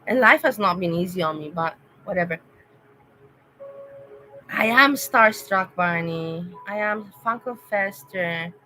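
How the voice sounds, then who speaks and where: Woman streamer, unscripted and emotional, talks straight to her chat in a bright, pushing voice. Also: lowish voice, unhurried, soft background music, poor audio. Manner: rambling and emotional, thanking and addressing chatters by name. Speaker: vlogger chatting with live viewers. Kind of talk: casual livestream chat.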